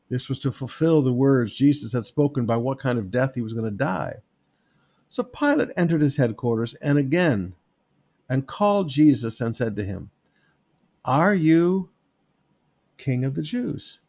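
A man preaching a sermon, reading scripture aloud and commenting on it in an animated, wry way. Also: medium pitch, moderate pace, gravelly, husky. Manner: animated, wry, reads passages with emphatic quoted voices. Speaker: pastor.

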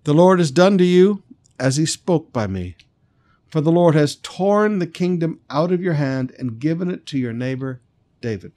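Man reading an old prophet's ghost, grave, judgmental, somewhat higher voice. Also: mellow, lightly acted. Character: stern old male prophet's spirit.

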